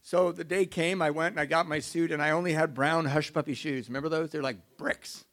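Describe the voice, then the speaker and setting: A middle-aged man telling a self-mocking recovery story to an audience, in an animated way. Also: fairly high pitch, brisk. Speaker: speaker sharing recovery story.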